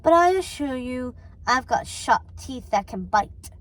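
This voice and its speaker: A woman's voice: sits high, expressive, a little slow, fairly bright tone, rough recording. A woman voicing a sly, menacing male lion with a lilting, melodic manner in a storybook read-aloud. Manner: lilting, melodic yet threatening, mocking.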